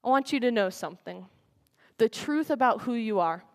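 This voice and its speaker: A woman delivers a dramatic recited speech with real passion, pushing some lines out with force and dropping others to a hush. Her voice sits a little high for a woman. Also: expressive, moderate pace. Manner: impassioned, swinging between forceful and hushed. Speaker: student speaker at a school program.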